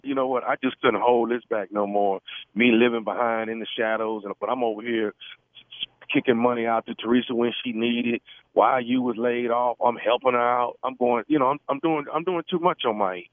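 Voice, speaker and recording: Brash fast-talking man on a phone line. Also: mid-range voice, fairly even intonation, no room sound. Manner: brash, matter-of-fact, stammering. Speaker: radio prank caller. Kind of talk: prank phone call.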